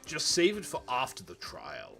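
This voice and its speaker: A man's voice: medium pitch, wildly swooping pitch, normal speed, vocal fry, a bit bright, soft background music, heavily acted. A man playing a stern, samurai-like male prosecutor who speaks in a grave, old-fashioned, cutting way. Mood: dry.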